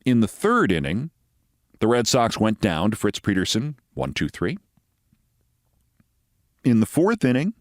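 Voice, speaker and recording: Animated man telling a story. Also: mid-range voice, dry recording, clean studio sound. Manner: dramatic, emphatic storytelling with sudden loud bursts. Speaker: host telling a personal story. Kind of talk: monologue storytelling.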